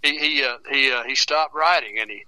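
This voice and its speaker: A man's voice: medium pitch, sharp tone, no echo, poor audio. A man telling a folksy tale as a radio guest, chuckling and restarting as he goes. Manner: chuckles through his tales, halting repeats. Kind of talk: folksy storytelling.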